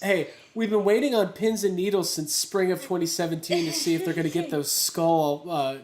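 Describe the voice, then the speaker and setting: A man's voice: high-pitched, moderate pace. Joking man in an echoey room. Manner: animated, joking, swears casually. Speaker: podcast co-host. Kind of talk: casual podcast banter. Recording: echoey room with clear noise.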